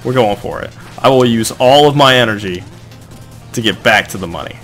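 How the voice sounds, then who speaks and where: A young man giving casual gameplay commentary, rambling and joking, with sudden excited outbursts when things go wrong. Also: medium pitch, fairly quick, faint music behind. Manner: excitable, rambling, shouts in bursts of frustration. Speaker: let's play gamer.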